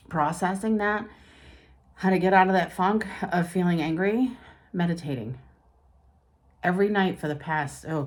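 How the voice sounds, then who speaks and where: Low-voiced middle-aged woman life coach. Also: darkish tone. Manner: candid and confiding, talks through her feelings. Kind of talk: personal talk to camera.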